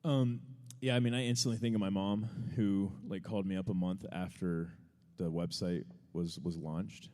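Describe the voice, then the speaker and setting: A man's voice: sits low, steady tone, normal speed, mellow, big-room sound. A man co-hosting a live podcast, answering an audience question in a casual, rambling storytelling way, laughing often. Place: large venue before a live audience.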